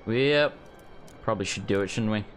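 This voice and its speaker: A man's voice: on the low side, moderate pace, soft background music. A man hosting a let's play, giving casual gameplay commentary, joking and cursing freely. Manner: laughs often, swears casually.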